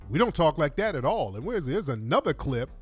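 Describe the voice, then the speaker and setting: A man's voice: fairly high pitch, very animated, brisk, breathy edge, faint music behind. Blunt slangy male radio host. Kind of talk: commentary over played clips.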